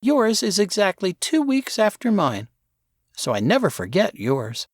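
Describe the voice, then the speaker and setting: A sly, quick-witted teenage girl who loves to tease, her voice lifted high and full of lively swings, as a male narrator puts her on. She sounds playful and sure of herself, close and dry on the mic. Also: no room sound, full character voice. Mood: cheerful. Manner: playful, teasing.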